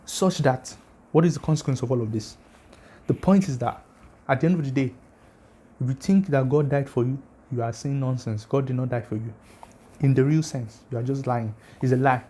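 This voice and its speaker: Mellow and mid-range, this man's voice moves at a normal speed as he runs a religious channel. His casual lecture is full of forceful, provocative arguments and rhetorical questions, and he talks directly to his audience, inviting their comments.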